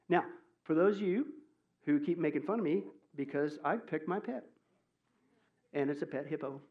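A man preaching a sermon as pastor, joking and animated, swinging from loud exclamations to hushed asides. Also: a little high, a little slow, pauses often, muffled recording.

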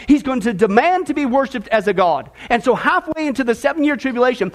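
A man preaches on Bible prophecy with a strikingly high voice. He talks emphatically and conversationally to his audience. He drops in sarcastic asides.

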